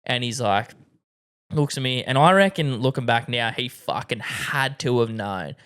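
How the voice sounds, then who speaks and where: A man's voice: medium pitch, expressive, unhurried, fairly bright tone, smooth. A young Australian man hosting a podcast, telling stories in a casual chat with lots of swearing and slang. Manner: laid-back storytelling, heavy swearing and slang. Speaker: podcast host.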